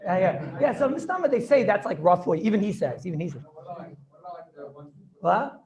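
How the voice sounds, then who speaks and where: A man's voice: high voice, big pitch swings, moderate pace, darkish tone. A man, a rabbi, teaching an informal class over a video call, joking and talking back to his students.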